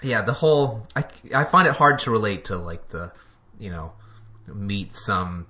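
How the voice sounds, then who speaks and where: Rambly chuckling podcast dude, lowish voice, bright tone, lots of ups and downs. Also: male voice, animated, unhurried. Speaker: podcast co-host. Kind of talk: casual chat.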